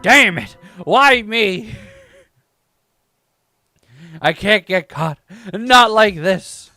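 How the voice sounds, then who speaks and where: A man doing a rattled killer in a video game scene, scheming in mutters as he plots to pin the crime on someone else. His voice swings widely in pitch, the pace is slow, and faint music sits behind him. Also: lively intonation, pushed and bright, no echo, clean studio sound, exaggerated voice. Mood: panicked. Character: sly nervous male murderer scheming.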